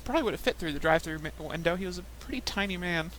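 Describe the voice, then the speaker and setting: A woman's voice: fairly low pitch, lively intonation, rapid-fire, slight background noise, rough recording. A young woman in casual chat while playing a game, telling rambling stories with frequent laughs. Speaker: gaming podcaster.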